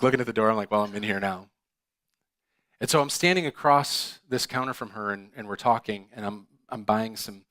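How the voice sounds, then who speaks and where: Male pastor, lively storyteller, bright tone, dry close mic. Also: fairly low pitch, no room sound. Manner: animated, acts out dialogue with laughs. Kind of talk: storytelling sermon. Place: church.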